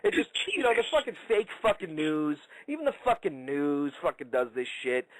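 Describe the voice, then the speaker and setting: A man's voice: a little high, sing-song, normal speed, a little hiss or hum, low-quality recording. A man hosting an internet radio talk show, swearing constantly as he rants in casual chat. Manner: loud, ranting, swears constantly. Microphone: internet radio call-in line.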